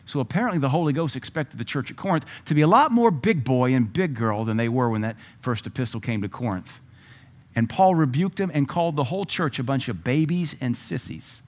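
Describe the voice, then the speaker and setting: Middle-aged guy preaching a sermon, emphatic, middle pitch, gets loud on the scripture bits. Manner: emphatic, rising to loud bursts when quoting scripture.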